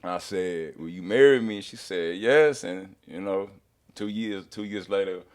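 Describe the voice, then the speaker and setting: A young man from Houston, telling a story in a casual, animated way. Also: low-pitched, a little slow. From Houston, Texas. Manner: animated, laughing storyteller acting out voices. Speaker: guest.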